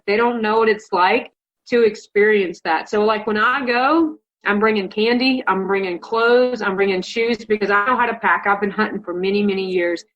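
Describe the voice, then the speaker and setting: A woman from Colorado, a hunting contest finalist, telling a story in a chatty, emotional way that's full of "like". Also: medium pitch. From Colorado, United States. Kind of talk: casual interview storytelling. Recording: dull lo-fi sound.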